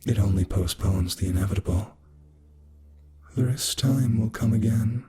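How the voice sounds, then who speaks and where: A man voicing an eerie pale spirit girl who speaks in a cold, measured, foreboding way. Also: on the low side, background noise, pitched above the performer's own voice, natural voice. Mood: ominous calm.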